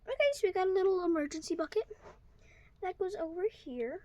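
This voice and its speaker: A woman's voice: very high voice, expressive, a little fast, mellow, no room sound, lo-fi sound. A woman vlogging at home in her bedroom, chatting casually to viewers and thinking aloud as she sorts toy horses. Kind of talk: casual running commentary while organizing.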